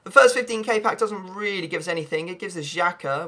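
Hoarse, bright-voiced gamer. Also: male voice, sits high, fast talker. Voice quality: gravelly. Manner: chatty, excitable, rambling. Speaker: gaming YouTuber. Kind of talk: gameplay commentary.

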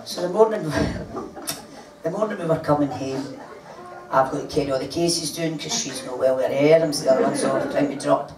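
Laughing her way through a rambling, funny story, an older woman chats to a live audience in a low-pitched voice at normal speed. The echoey room is recorded from a distance, with loud ambience and a crowd in the background.

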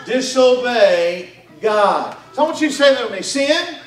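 High-voiced preacher in an echoey hall. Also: male voice, expressive, moderate pace, background noise. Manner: call-and-response, rhetorical questions, folksy. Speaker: mission director preaching. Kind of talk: gospel presentation to families. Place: church hall at a Christmas party. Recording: echoey room, far from mic.

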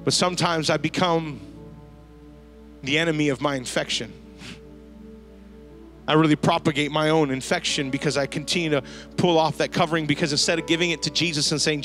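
A man preaching a sermon to a church congregation, telling a lively story and using casual slang. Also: fairly high pitch, brisk, faint music behind. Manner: storytelling, animated, slangy asides. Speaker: pastor. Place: church service before a congregation.

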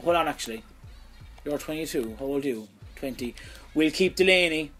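A young Irish man commentating his own video game play, excitable and swearing freely, shouting at big moments. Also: a little high, a little fast, soft background music. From Ireland. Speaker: gaming YouTuber.

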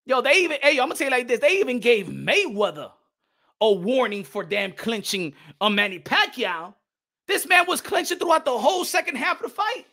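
A man from New York City rants heatedly as a boxing commentator, mockingly switching between English and Spanish. His voice is extremely high-pitched and sharp, very animated, and brisk.

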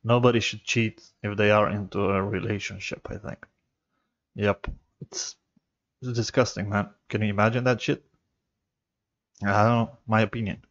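A man's voice: fairly low pitch, level tone, normal speed, long pauses, muffled recording. A man casually commenting on a comedy clip, offhand and profane. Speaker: video reactor.

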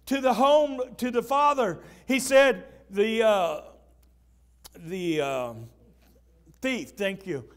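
A man pastor preaching an impassioned sermon, rising to shouts at the peaks. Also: very high-pitched.

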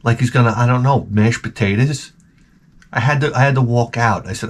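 A man's voice: mid-range voice, brisk, pauses often, a little hiss or hum. A man hosting his own vlog, telling crude, profane stories in a rambling comic monologue. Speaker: vlog host.

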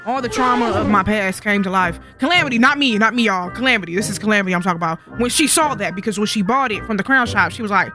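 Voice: mid-range voice, quick pace, hardly any pauses, music in the background. A young adult gaming YouTuber giving casual gameplay commentary, sassy and rambling, full of profane trash talk.

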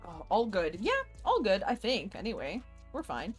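A woman live streamer chatting casually with her viewers, chatty and expressive, laughing often. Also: medium pitch, normal speed, breathy edge, faint music behind.

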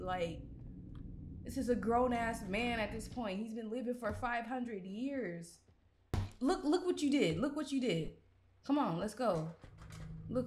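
A young woman, reacting loudly and profanely while playing a horror game. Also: on the high side, noisy background. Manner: loud, profane, exasperated reactions. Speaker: gaming YouTuber.

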